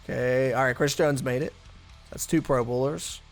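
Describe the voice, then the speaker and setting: A man's voice: medium pitch, steady tone, moderate pace, faint music behind. A man commentating his own football video game play in a casual, chatty way, thinking aloud with blunt asides. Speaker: gaming channel host.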